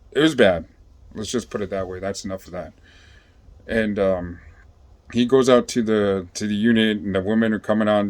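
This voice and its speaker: A man telling a story in a casual, rambling way, swearing a lot and filling pauses with ums and you-knows. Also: lowish voice. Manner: rambling, profane, with many fillers.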